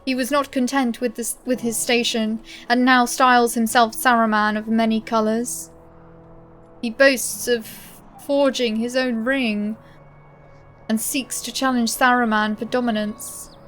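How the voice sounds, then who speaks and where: A woman's voice: on the high side, steady tone, unhurried, fairly bright tone, slight background noise. A woman voicing a weary, proud old male wizard held captive in a game, speaking formally and insistently. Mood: grave.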